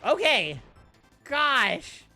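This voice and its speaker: A woman streaming a video game, chatting casually with her viewers, laughing often and squealing when things get exciting. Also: sits high, very slow, soft background music. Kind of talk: casual live-stream commentary.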